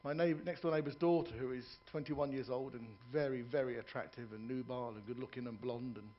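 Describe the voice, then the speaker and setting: A man's voice: medium pitch, fairly even intonation, fairly quick, muffled recording, a little hiss or hum. A man performing stand-up comedy in a ship's theatre, telling jokes, doing characters' voices and joking with the audience.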